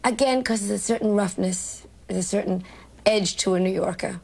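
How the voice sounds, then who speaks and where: Gravelly New woman telling stories. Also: medium pitch, moderate pace. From New York. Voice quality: gravelly, husky. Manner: animated storyteller acting out quoted lines. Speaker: comedian interview guest. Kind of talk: television interview recollection.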